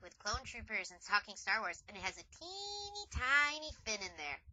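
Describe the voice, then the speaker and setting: A woman's voice: medium pitch, animated, normal speed, hardly any pauses, sharp tone, no echo, rough recording. A woman vlogger narrating a slideshow casually, rambling and giggly, with a self-deprecating streak.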